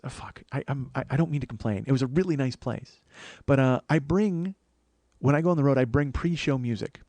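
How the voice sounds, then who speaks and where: A man's voice: mid-range voice, no echo. A man in his forties, a comedian and podcast host, telling a profane, exasperated comic story in a casual monologue. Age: 40s. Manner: profane, exasperated, animated retelling.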